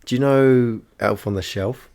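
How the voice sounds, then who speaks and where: A man's voice: mid-range voice, a little slow, creaky, a little mellow. A young man, co-hosting a casual podcast chat, laughing often and swearing casually. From New Zealand. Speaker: podcast co-host.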